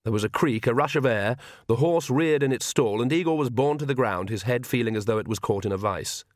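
A man reading a comic fantasy novel aloud as audiobook narrator, in an even, measured storytelling manner. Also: medium pitch, dry recording, clean studio sound. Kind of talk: scripted narration.

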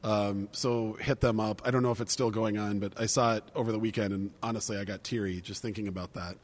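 A man's voice: fairly low pitch, fairly even intonation, fast. A man co-hosting a casual wine-tasting chat, rambling, swearing freely and laughing easily. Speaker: podcast co-host. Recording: long reverb.

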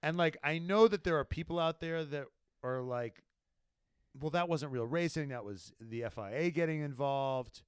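A man co-hosting a casual podcast, trading excitable, profane banter with his co-host. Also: on the high side, moderate pace, clear, resonant tone, no echo, clean studio sound. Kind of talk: casual chat.

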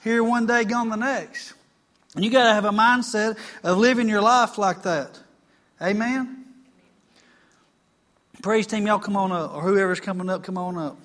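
This is a man preaching to his congregation. His voice sits high, and his delivery is folksy and plainspoken, with scripture read aloud and calls for an amen along the way. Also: steady tone, measured pace, pauses often, a bit bright. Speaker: pastor. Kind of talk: sermon.

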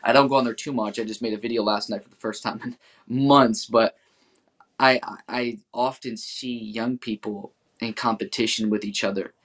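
A man's voice: fairly low pitch, steady tone, moderate pace. A man on a faith podcast, talking in an affirming way and quoting scripture. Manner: affirming, warm-hearted, quotes scripture. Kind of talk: casual faith podcast talk.

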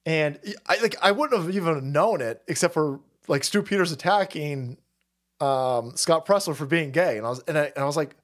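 A man's voice: on the high side, moderate pace. A man hosting a livestream, ranting casually to chat, swearing constantly and laughing between stories. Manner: swears constantly, laughs often, animated storytelling. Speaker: livestream host reading chat. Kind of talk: profane casual rant.

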